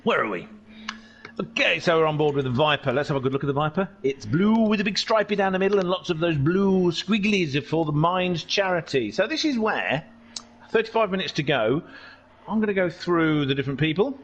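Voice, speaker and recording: A man's voice: a little high, brisk, lo-fi sound, a little hiss or hum. A man giving jokey, rambling live commentary on a sim race. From England. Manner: excitable, jokey, tangent-prone.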